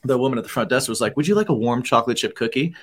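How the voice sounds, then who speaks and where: A man co-hosting a podcast in casual chat, animated, laughing often and swearing as he acts out stories. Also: medium pitch, racing. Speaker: podcast co-host.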